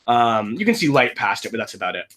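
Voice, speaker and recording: A man runs a tabletop game as game master, describing scenes in a bright, animated voice. He rambles and corrects himself with playful asides. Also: medium pitch, fast talker.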